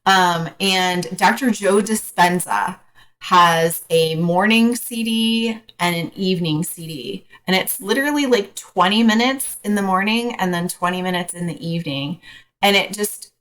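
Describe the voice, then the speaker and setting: A woman coach as a podcast guest, talking frankly in a casual, hesitant way with many pauses. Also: fairly low pitch, fairly bright tone, rough recording. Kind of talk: casual interview chat.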